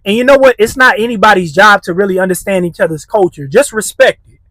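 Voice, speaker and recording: A man's voice: sits high, quick pace, a bit bright, no echo. A man hosting a reaction commentary, blunt and heated, with street slang. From United States. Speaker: commentary channel host.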